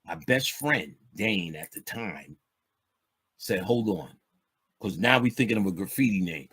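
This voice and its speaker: A man's voice: sits low, animated, moderate pace, fairly bright tone, breathy edge. A man, telling street stories in a loose, streetwise way with plenty of swearing. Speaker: podcast guest speaker. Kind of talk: casual storytelling chat.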